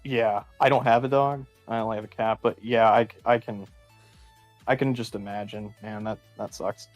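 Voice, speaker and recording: Man, panel guest, halting casual talk, dry close sound, faint music. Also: on the low side, fairly even intonation, no room sound. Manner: hesitant, halting, many restarts. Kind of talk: casual live-stream chat.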